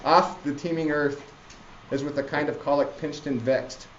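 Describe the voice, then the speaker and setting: A man's voice: fairly high pitch, fairly even intonation, normal speed, slight background noise, voice pushed up, close to an everyday voice. A man reading out the lines of a boastful male Welsh magician in class, raising his voice. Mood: grandiose. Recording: roomy, dull classroom recording.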